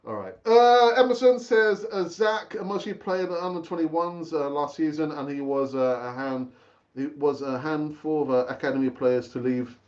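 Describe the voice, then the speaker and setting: Middle-aged male stream host, fairly high voice, dull lo-fi sound, loose repetitive chat. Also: steady tone, normal speed. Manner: chatty, repeats himself, calls viewers brother. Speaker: football fan channel host. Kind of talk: casual live stream chat.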